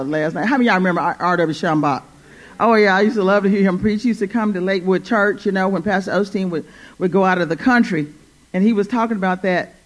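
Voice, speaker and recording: A woman preaching a church sermon, repeating her phrases and calling "Amen?" to the congregation. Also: mid-range voice. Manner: fervent, repeats phrases, call-and-response "Amen?". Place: church service.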